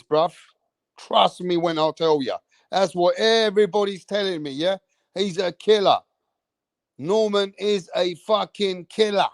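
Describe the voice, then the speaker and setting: A man hosting a live boxing stream, talking in a streetwise, slang-heavy way and keeping up a steady chat straight to the viewers. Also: high voice, dry recording. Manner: streetwise, slang-heavy, keeps saying bro and bruv. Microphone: streaming setup mic.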